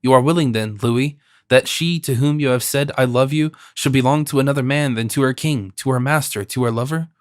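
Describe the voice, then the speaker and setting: A man's voice: medium pitch, a little fast, hardly any pauses, dry recording, clean studio sound, lightly acted. A man voicing a grieving young noblewoman. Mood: pleading. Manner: pleading, emotional reading. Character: young woman, grieving, passionate lover.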